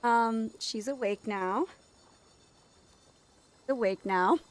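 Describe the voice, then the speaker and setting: A woman streaming from home late at night, chatting casually, laughing often and cooing softly to her toddler. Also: fairly high pitch, very slow, dry recording. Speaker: game streamer and mother. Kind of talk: casual live-stream chat.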